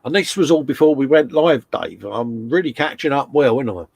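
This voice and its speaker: A gravelly, somewhat dark mid-range male voice, animated and at a moderate pace. On his casual stream he chats freely, reads out what people type in chat, and greets viewers with frequent laughter.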